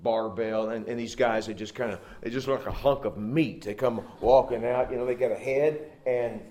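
A male pastor preaching a sermon, telling folksy stories and swinging between loud emphasis and hushed asides. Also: mid-range voice, moderate pace. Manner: folksy storytelling with restarts.

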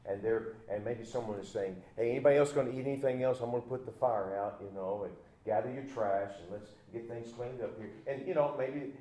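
A male pastor preaching a sermon, telling the story dramatically and swinging from loud outbursts to hushed near-whispers. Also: lowish voice, roomy sound.

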